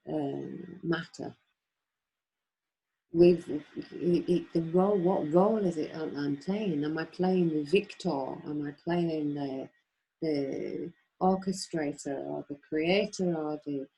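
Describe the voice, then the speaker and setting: A woman's voice: on the low side, gravelly, mellow, slightly rough, rough recording. A woman speaking off the cuff in a webinar, rambling and emphatic, often asking rhetorical questions. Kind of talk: impassioned off-the-cuff talk.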